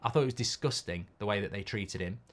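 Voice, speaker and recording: A man's voice: fairly low pitch, fast talker, a bit bright. A man hosting a live football watchalong, talking bluntly and reacting to the game while reading viewer comments.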